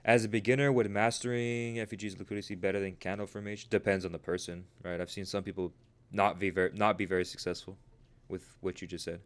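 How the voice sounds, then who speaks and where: A man's voice: deep voice, little pitch movement, quick pace. A man coaching traders on a live stream, talking casually and emphatically to his viewers, often calling them "bro" and asking "right?". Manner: addresses viewers as "you guys" and "bro", repeats "right?"; emphatic, preachy motivational delivery. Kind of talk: live-stream talk answering chat.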